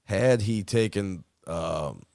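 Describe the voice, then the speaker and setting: A man's voice: low-pitched, expressive, takes it slowly, creaky, a little mellow, no echo, studio quality. A man chatting casually as co-host, rambling, swearing and trailing off mid-thought. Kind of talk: casual chat.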